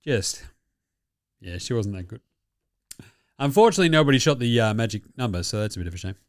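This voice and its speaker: Jokey, crude Australian bloke hosting a basketball recap; animated, dry recording. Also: male voice, medium pitch, quick pace, no echo. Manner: profane, jokey, laughs often. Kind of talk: casual sports recap commentary.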